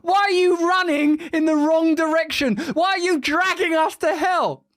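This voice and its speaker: A man's voice: very high voice, moderate pace, fairly bright tone. A man, hosting and giving sarcastic, mocking commentary on news clips, swearing casually. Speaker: podcast host.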